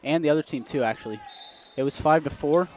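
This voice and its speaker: A man's voice: fairly high pitch, quick pace, a crowd in the background. A young man doing casual, joking play-by-play commentary on a college basketball game into a close mic, laughing often and a bit out of breath. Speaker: student sports commentator.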